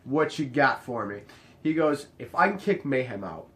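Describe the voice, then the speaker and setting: Lively young man telling bar stories. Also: normal speed. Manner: animated, acts out the dialogue, jumps high in pitch when quoting others. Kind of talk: casual storytelling monologue.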